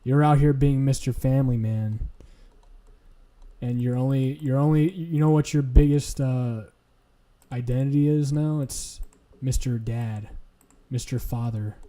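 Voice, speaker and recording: A man's voice: mid-range voice, fairly even intonation, measured pace, dark tone. A man streaming, ranting casually in a profane, blunt, lecturing way.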